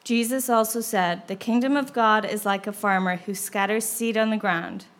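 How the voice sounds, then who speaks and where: Woman reading scripture aloud. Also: medium pitch. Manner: steady, measured reading aloud.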